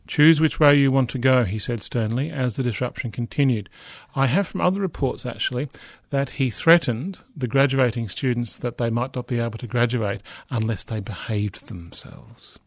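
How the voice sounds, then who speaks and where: A man's voice: mid-range voice, moderate pace, hardly any pauses, no room sound. A middle-aged man lecturing, reading a news report aloud with frequent asides, fillers and restarts.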